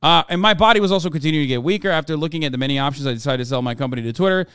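A man voicing an earnest Icelandic man reading his own letter, in a put-on Nordic accent with a measured, plain delivery. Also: fairly high pitch, fairly bright tone, smooth, no room sound, studio quality, lightly acted.

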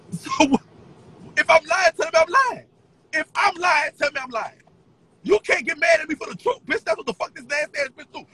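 Male streamer, very high and lively pitch, taunting profane rant with sing-song shouting. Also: a little hiss or hum, low-quality recording. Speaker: social media personality. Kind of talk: profane ranting livestream.

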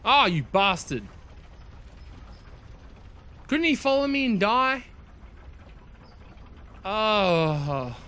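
A young man commentating his own gameplay, excitable, swearing and yelping at what happens on screen. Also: high voice, extremely slow, long pauses, clear, resonant tone. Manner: excitable, swears and yelps at the game. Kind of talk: let's play commentary.

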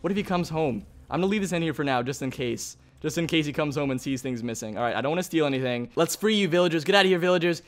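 A man hosting a gaming video, giving excitable, chatty let's play commentary and thinking aloud. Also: a little high, very fast, few pauses.

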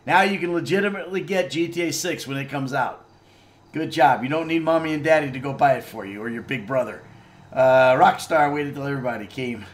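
A middle-aged man casually chatting while playing a video game on stream, reading viewer comments and joking around. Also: a little high. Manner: laid-back, chatty, laughs and swears freely. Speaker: actor streaming a game playthrough.

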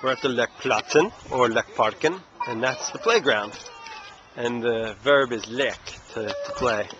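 A man's voice: mid-range voice, unhurried, highs cut off. Patient father filming at a playground. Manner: patient, coaxing questions. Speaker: language teacher and father. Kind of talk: casual outdoor language lesson. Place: outdoor playground. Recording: noisy outdoor camera audio.

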